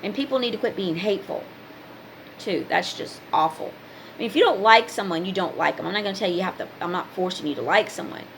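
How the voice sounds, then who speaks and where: A woman's voice: mid-range voice, fast, vocal fry, a bit bright, slight background noise, poor audio. A woman talking casually to her viewers, giving spiritual advice in an emphatic, preachy way with many repeated commands. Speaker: spiritual advice vlogger and card reader.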